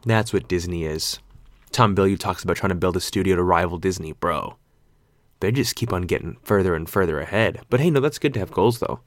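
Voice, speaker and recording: A man's voice: low-pitched, no room sound. A man in his twenties hosting his own podcast alone, rambling and joking, with casual swearing. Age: 20s. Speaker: podcast host. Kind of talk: solo podcast chat.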